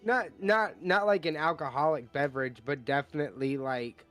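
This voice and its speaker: Casual man player, fairly high voice. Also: moderate pace, a bit bright, soft background music. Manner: casual, swearing, repeats himself. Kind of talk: casual tabletop play.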